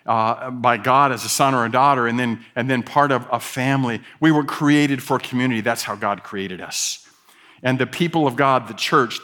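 A middle-aged man preaching a sermon as pastor, telling stories with quoted asides in an animated way. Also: medium pitch.

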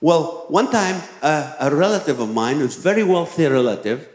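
A man's voice: fairly high pitch, moderate pace. Emphatic storytelling male pastor, echoey hall. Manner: lively storyteller, emphatic exhortations. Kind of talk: sermon with personal story. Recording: roomy echoing hall.

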